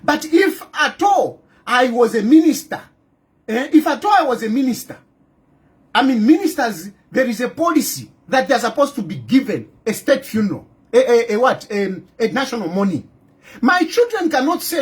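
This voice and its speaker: A man's voice: very high voice, big pitch swings, moderate pace, husky. A Zambian man in an impassioned video monologue, indignant and firing off repeated rhetorical questions. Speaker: political commentator. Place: in exile abroad.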